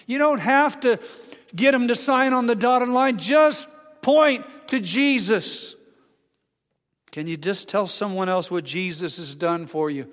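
Male pastor preaching emphatically in a church, with a high voice and a reverberant sound. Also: expressive, takes it slowly. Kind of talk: sermon. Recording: long hall reverb.

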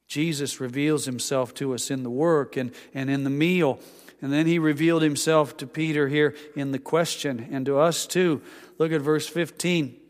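Man preaching in a reverberant hall. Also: medium pitch. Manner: storytelling, acts out voices of scripture figures; drops to a quiet hush for intimate lines, rises for emphasis. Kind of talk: sermon.

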